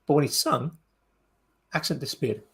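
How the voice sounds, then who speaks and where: Husky man chatting in rambling restarts. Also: on the high side, normal speed, fairly bright tone. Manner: rambling, hesitant, many restarts and fillers. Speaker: podcast co-host. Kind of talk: casual chat.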